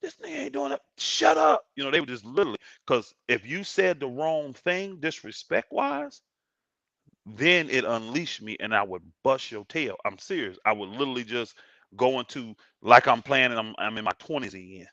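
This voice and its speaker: Middle-aged male co-host, bright forceful voice, animated storyteller, dry lo-fi sound. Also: medium pitch, moderate pace, dry recording. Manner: animated storyteller, acts out others' lines. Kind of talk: casual sports chat. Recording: dull lo-fi sound.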